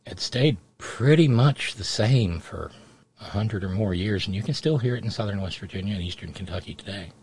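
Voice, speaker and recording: Low-voiced man telling stories on air. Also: creaky, slight background noise. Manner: storytelling, digressive, with restarts. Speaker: radio host. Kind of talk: casual radio monologue.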